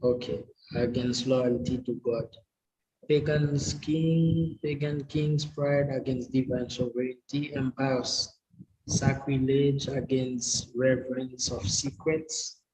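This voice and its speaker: A man studying to preach, reading his notes aloud and sounding out hard words slowly and carefully, with English not his first language. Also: mid-range voice, darkish tone, poor audio. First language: a language other than English. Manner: slow and careful, sounds out and repeats difficult words. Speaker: preaching student.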